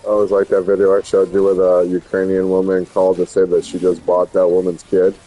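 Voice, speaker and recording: A man's voice: deep voice, monotone, fairly quick, dark tone, low-quality recording. A man in casual chat who speaks in a laid-back way and often gives short, dry replies.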